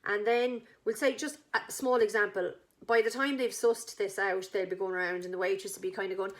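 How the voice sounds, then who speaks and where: An Irish woman chatting enthusiastically, pitching her wedding act to a couple and acting out the characters' lines. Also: brisk, few pauses. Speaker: wedding entertainment business owner. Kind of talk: casual sales pitch to a couple.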